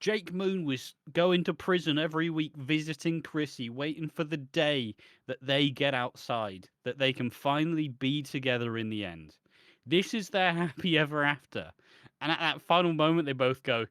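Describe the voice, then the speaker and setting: A British man in casual podcast chat, sarcastic and heavy on swearing as he mocks what he watched. His voice sits a little high. The recording is dry and close. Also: lively intonation, moderate pace, fairly bright tone, dry recording. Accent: British English. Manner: sarcastic, swears a lot, mocking impressions. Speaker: podcast co-host.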